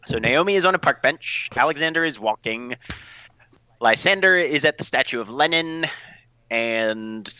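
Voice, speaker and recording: A man's voice: mid-range voice, animated, moderate pace, sharp tone, smooth, poor audio. A man narrating a tabletop role-playing game as storyteller, with dry joking asides.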